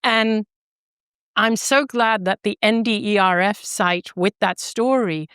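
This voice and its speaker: A middle-aged woman tells her story as a podcast guest, expressive and animated, with a ready laugh. Her voice is smooth and resonant. It is recorded close and dry, with no room sound. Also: mid-range voice, slow pace, no room sound. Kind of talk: storytelling in an interview.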